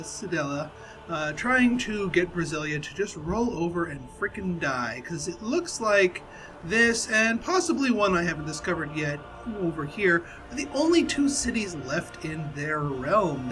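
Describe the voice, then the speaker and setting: A man's voice: high voice, low-quality recording. A man casually commentating his own strategy game playthrough, chatty and full of fillers and restarts. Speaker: gameplay commentator.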